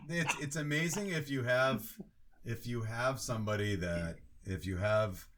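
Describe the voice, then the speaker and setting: A man joining a movie podcast, giving brief, measured opinions. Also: mid-range voice, heavy background noise. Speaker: podcast guest. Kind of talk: casual movie chat.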